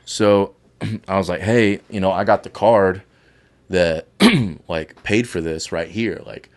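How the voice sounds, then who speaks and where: A man with a very low voice, guesting on a podcast. He talks in a laid-back, profane way and tells his story casually among friends. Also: slow.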